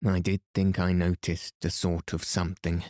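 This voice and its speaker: A man voicing a stubborn, gruff working-class manservant who speaks in a low, firm, rustic way, in a bedtime storybook. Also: flat delivery, moderate pace, darkish tone, no echo, clean studio sound, natural voice.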